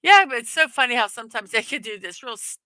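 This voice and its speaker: A chatty woman hosting a live stream, giggling and filling her pauses with ums and uhs. Her voice is bright and clear. The sound is dry and close. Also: fairly high pitch, animated, no room sound, poor audio. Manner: chatty, giggly, with many fillers. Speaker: livestream host. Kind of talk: casual live chat reading viewer comments.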